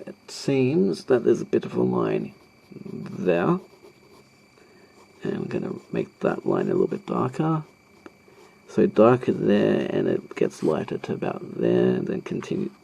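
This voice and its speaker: Speaking a little slowly, this art tutorial host has a husky, somewhat mellow voice on the low side, with vocal fry and wildly swooping pitch. He narrates a live drawing tutorial as he sketches, rambling hesitantly with many ums and self-deprecating asides.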